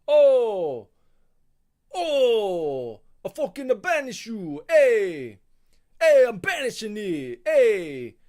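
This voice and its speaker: A man's voice: high-pitched, wildly swooping pitch, extremely slow, voice pushed up, heavily acted. A man hamming up a mock-Italian food lover. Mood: shouting. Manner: shouting, exaggerated exclamations. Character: loud, excitable Italian man gushing over food.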